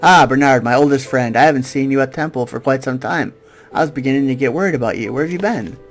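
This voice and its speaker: A man reading a gentle, steady father. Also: mid-range voice, fast, soft background music, natural voice. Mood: welcoming. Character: gentle middle-aged Jewish father, calm, steady.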